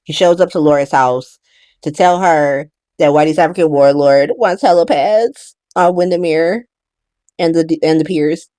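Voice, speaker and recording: A woman hosting a casual soap opera recap, talking in an animated, profane way with laughing asides. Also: deep voice, measured pace, dry recording, clean studio sound.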